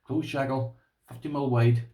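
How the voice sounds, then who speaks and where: A man's voice: mid-range voice, fairly even intonation, normal speed, dark tone, roomy sound, distant mic, a little hiss or hum. An Irish man with a rambling, chatty manner, showing his lock collection to viewers and calling them "boys". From Ireland. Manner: rambling, talks to viewers as "boys", uses "this here". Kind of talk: casual show-and-tell to camera.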